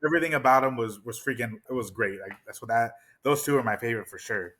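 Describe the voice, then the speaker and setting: A man co-hosting a casual movie discussion, talking in an excited, rambling way and swearing freely. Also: medium pitch, fast. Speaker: podcast co-host.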